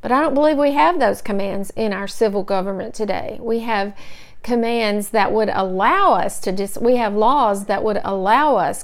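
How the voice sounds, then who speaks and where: Brief: woman teacher, somewhat high and smooth, steady earnest Bible-study delivery. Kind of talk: podcast Bible lesson.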